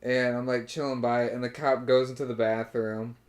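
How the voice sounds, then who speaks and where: Animated young man telling a rambling story. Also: mid-range voice, a little fast. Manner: rambling and animated, swearing often, imitating friends. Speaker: podcast co-host. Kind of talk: casual chat, telling a story.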